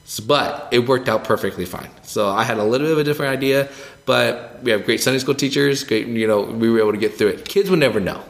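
A man co-hosting a church ministry podcast, telling a story in a rambling, animated, casual way. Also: mid-range voice, fast, creaky. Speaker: children's ministry co-host.

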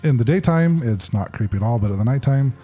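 A man's voice: mid-range voice, expressive, quick pace, warm tone, husky, faint music behind. A man co-hosting a casual chat, hesitant and full of fillers. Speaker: podcast co-host.

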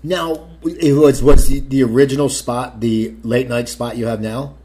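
A man's voice: mid-range voice, fairly even intonation, measured pace, mellow. A man interviewing a guest in a casual chat, eagerly jumping in with questions and remarks.

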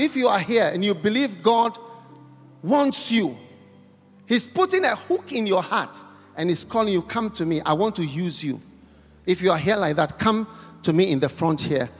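A man's voice: high voice, husky, in a large hall. A man preaching an impassioned altar-call sermon, exhorting the crowd with repeated phrases and breaking into tongues. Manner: repetitive, exhorting, speaks in tongues. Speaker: guest preacher. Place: large church hall.

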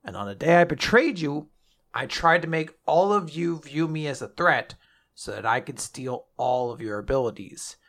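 A man doing a remorseful male traitor in a low, subdued voice. It is gravelly yet bright-edged and pitched lower than his own usual talk. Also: lively intonation, normal speed. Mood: solemn, regretful. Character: remorseful male traitor swordsman, self-sacrificing.

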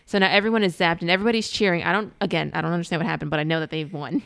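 A woman casually recapping a film with a friend, chatty and laughing between quick retellings. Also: on the low side, fairly even intonation, vocal fry, fairly bright tone, clean tone, dry recording. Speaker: podcast co-host.

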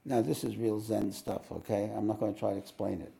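Gravelly New spiritual teacher. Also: male voice, lowish voice, fairly even intonation, brisk, warm tone. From New York. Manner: reflective, with wry joking asides. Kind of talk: live satsang talk with readings. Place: ashram meeting hall.

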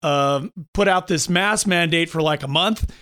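A man in his fifties hosting a talk show, chatting casually and telling animated stories with mocking impressions of others. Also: a little high, a little slow, clean tone. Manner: animated storyteller, mimics others with mocking voices. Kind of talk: casual opinion chat.

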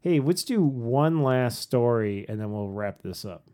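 A man's voice: mid-range voice, lively intonation, unhurried, mellow, clear, resonant tone. Easygoing man cohosting a podcast. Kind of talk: casual chat and show outro.

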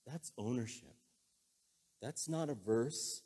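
Guy preaching, chatty and heartfelt, mid-pitched voice, gets emotional retelling the story. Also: expressive, measured pace, pauses often, mellow, husky. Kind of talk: conversational sermon.

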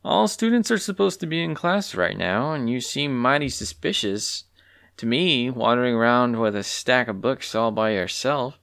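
A man voicing a sly, confident young female bird student who talks coyly and calmly. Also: medium pitch, moderate pace, vocal fry, clean tone, voice pushed up. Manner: coy and calm.

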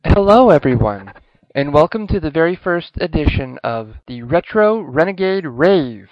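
A man's voice: a little high, very animated, normal speed, no echo, highs cut off, faint music behind. A man presenting a scripted review segment in a formal, announcer-like manner.

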